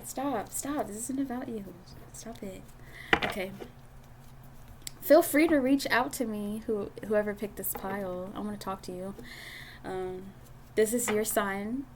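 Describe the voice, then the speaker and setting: Slow-talking, giggly woman tarot reader. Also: on the high side, darkish tone, slight background noise. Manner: giggly, gushing and emotional, swears freely. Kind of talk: casual tarot reading monologue. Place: indoors at a table.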